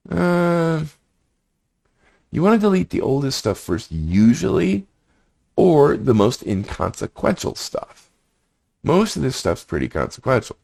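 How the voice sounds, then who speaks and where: Deep gravelly man muttering through a demo. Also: a little mellow. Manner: muttering asides between read-out passages. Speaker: prompt engineering instructor. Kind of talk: screen walkthrough, reading text aloud and thinking aloud.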